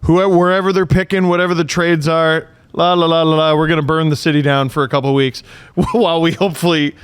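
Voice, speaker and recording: A man's voice: a little high, level tone, fast talker, clean tone. A man hosting a podcast, talking sports in a casual, exasperated, exclamatory way. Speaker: podcast host.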